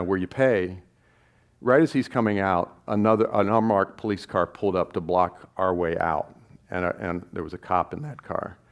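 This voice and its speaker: A man's voice: deep voice, clean tone. A man, a documentary filmmaker, telling a story to an audience in a rambling, self-correcting way with chuckles between lines. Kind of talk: live spoken storytelling.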